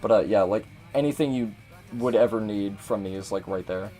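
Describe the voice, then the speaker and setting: A man's voice: fairly low pitch, brisk, dark tone, faint music behind. A man giving casual gameplay commentary as a streamer, chatty and swearing a lot.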